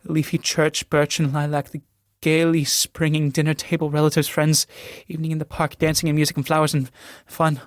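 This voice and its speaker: A man's voice: fairly high pitch, monotone, fairly quick, dry recording, studio quality, close to an everyday voice. A man reading the part of a proud, desperate young noblewoman in a solo reading of a stage play, swinging from pleading to furious shrieks. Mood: wistful pleading.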